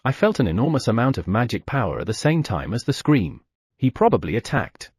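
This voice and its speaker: A man narrating a fantasy audiobook in first person, giving the other characters small shifts of pitch. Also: big pitch swings, fairly quick, a little mellow, breathy edge, dry recording, studio quality.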